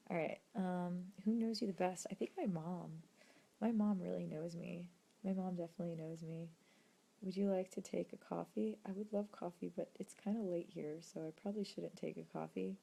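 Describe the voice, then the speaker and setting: A young woman, an actress and video creator, reading fan questions in a late-night livestream, talking softly and hesitantly, often dropping to a near-whisper. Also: mid-range voice, steady tone, normal speed, creaky, husky. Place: indoors at home late at night.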